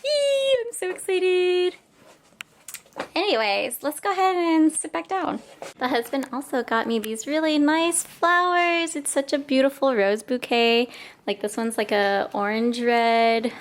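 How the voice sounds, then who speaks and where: Bubbly high-voiced young woman vlogger. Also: unhurried, slight background noise. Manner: bubbly, squealing and giggling with excitement. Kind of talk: casual unboxing vlog. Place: home workshop indoors.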